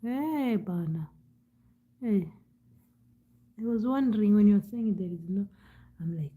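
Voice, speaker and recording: A woman chatting casually on a livestream, repeating herself and slipping between loud remarks and hushed asides. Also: mid-range voice, moderate pace. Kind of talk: casual live chat. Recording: tinny phone-like sound.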